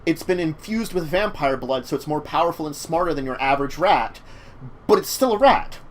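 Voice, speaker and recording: A man's voice: a little high, animated, a little fast, a little hiss or hum. A man hosting a casual chat show about tabletop games, talking in a rambling way. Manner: rambling, many fillers and restarts. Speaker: talk show host.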